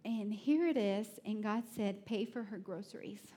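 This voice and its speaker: A woman preaches at an unhurried pace in a slightly husky voice. She tells personal stories with animated, self-mocking energy and drops to soft, prayerful asides. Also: mid-range voice. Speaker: speaker at a church.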